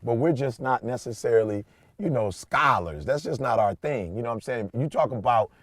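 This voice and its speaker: A man in his forties, a podcast host, telling a story in a casual chat, animated and swinging between hushed asides and loud bursts. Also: medium pitch, brisk, dry recording, clean studio sound.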